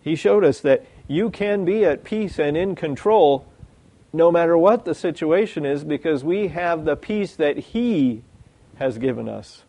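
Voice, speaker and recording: A male preacher delivers a sermon with animated energy, reading scripture and acting out its characters. His voice is slightly high and carries a gravelly edge. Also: measured pace. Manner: animated, acts out quoted lines, reads scripture.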